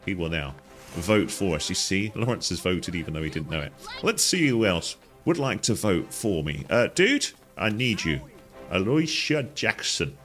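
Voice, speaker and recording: A gaming guide host narrates a playful game walkthrough with soft music in the background, joking and chatting to the characters as he plays. His slightly bright voice swings widely in pitch at a moderate pace, jumping high as he addresses characters in silly voices.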